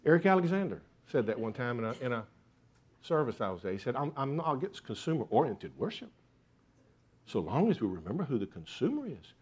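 A man's voice: mid-range voice, very animated, fairly quick, a little mellow, breathy edge. A man preaching a sermon, earnest, with repeated rhetorical questions. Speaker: pastor.

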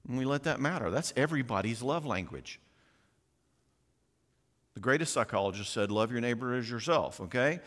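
Animated man in a hall. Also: mid-range voice, moderate pace, long pauses. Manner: animated and folksy, acts out quoted voices. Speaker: conference speaker. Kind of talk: conference talk. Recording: long reverb of a large hall.

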